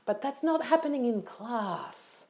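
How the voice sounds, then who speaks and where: A young woman, a yoga teacher hosting a solo podcast, talking in a lively, animated way with quick asides. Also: fairly high pitch, creaky.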